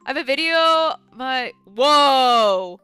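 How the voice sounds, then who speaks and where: Animated, foul-mouthed young woman streamer. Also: sits high, moderate pace, no room sound, faint music behind. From New York City. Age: young adult. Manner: swears constantly, rants with outrage. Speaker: streamer reading chat. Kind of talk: casual livestream chat.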